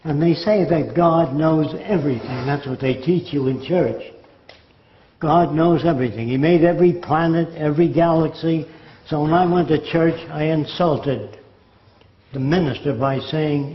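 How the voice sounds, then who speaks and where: A man's voice: fairly high pitch, expressive, normal speed. Older man giving a sardonic talk, echoey. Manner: sardonic, mocking religion with mimicked quotes. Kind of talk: lecture monologue. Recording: echoey room, dull lo-fi sound.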